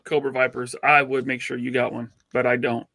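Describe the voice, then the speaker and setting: A man co-hosting a podcast in casual, excited chat, teasing his friends. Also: mid-range voice, fairly quick, creaky, no echo. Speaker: podcast co-host.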